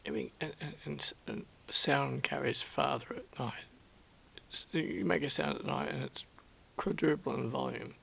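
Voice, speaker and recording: A man with an Australian accent telling a story to camera in a casual vlog, animated, swearing freely and dropping into whispers. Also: medium pitch, moderate pace. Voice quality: gravelly. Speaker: vlogger. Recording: dull lo-fi with faint hiss.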